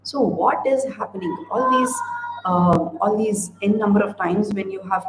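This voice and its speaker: A woman's voice: mid-range voice, normal speed. A woman parenting coach talking straight to parents in an earnest way. She piles up repeated phrases in long lists. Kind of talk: direct-to-camera advice talk. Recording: roomy echo with faint background noise.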